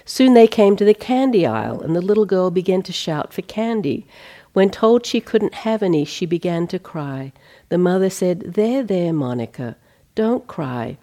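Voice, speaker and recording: A middle-aged woman meditation teacher giving a dharma talk on retreat, telling stories in a gentle, unhurried way with light humor. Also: fairly low pitch, very animated.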